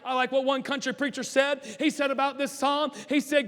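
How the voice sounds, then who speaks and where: A middle-aged preacher delivers a fervent sermon in a strikingly high voice. He climbs into shouts and then sinks to near hushes. The sound carries the long reverb of a big church sanctuary. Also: moderate pace. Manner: impassioned, rising to shouts then dropping low.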